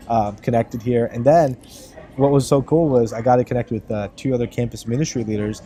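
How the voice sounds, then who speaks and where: A man tells a story in an earnest, casual way, quoting the people he met without changing his voice. His voice is mellow and dark, at an ordinary pitch. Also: a little fast. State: choked up with emotion. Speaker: ministry leader giving an update. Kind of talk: casual spoken update.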